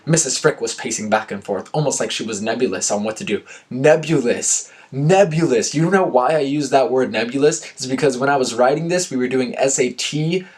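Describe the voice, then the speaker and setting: A man's voice: medium pitch, fairly quick, few pauses. A young man with an ordinary mid-range voice reads his old story aloud. He keeps stopping to poke fun at his own writing in a dry, sarcastic tone. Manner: self-mocking, sarcastic asides. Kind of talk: reading aloud with joking commentary.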